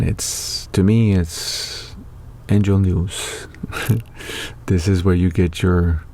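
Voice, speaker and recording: A man's voice: low voice, creaky, dark tone, breathy edge. A middle-aged man hosting his own show, talking in a loose, rambling monologue full of fillers and restarts. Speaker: online show host. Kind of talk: casual spoken monologue.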